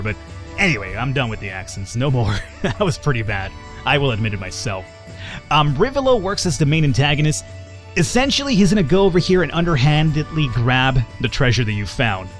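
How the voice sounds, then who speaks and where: A man's voice: medium pitch, lively intonation, fairly quick, a bit bright, faint music behind. A man hosting a let's play, giving casual gameplay commentary in a chatty, self-deprecating way as he thinks aloud.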